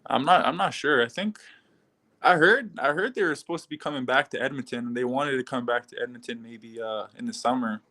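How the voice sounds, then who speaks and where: A man's voice: medium pitch, fairly quick. Laid-back young man. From Canada. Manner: easygoing, laid-back, with frequent soft laughs. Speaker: fighter being interviewed. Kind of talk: casual interview answers.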